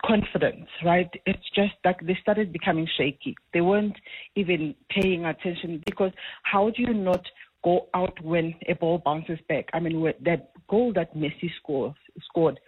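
A middle-aged woman calling a radio show, animated and talkative as she tells her story. Her husky voice comes through a thin, tinny phone line. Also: fairly low pitch, no echo. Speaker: caller. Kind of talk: phone-in chat. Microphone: telephone.

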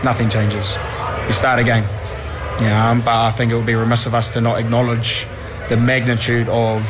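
A man speaking as a rugby team co-captain, steady and grounded as he answers the press. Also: medium pitch, moderate pace, noisy background. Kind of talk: press interview.

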